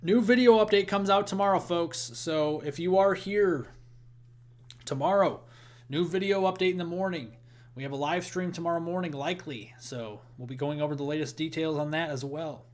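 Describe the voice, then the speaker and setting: A young Midwestern American man hosts a live weather stream in a voice on the high side, a bit above most men's, at a moderate pace. Loose and chatty, he thanks donors and viewers and rattles off storm and snow forecast details.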